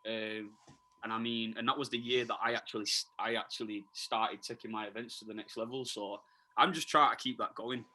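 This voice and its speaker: Chatty Leeds man with a bright voice. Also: lowish voice, steady tone, brisk, low-quality recording. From Leeds, England. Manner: chatty, enthusiastic, full of fillers and restarts. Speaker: guest DJ. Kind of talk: casual podcast interview.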